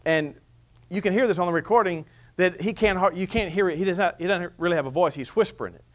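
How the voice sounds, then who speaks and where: A man's voice: high-pitched, fast talker. A man preaching a sermon as pastor, mixing scripture reading with humor. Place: church.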